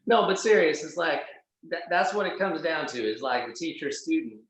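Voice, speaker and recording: As a guest on a podcast, a man talks in a loose, profane, casual way, leaning heavily on filler words, especially "like." His voice is on the high side and fairly bright, at a moderate pace. The room is very echoey.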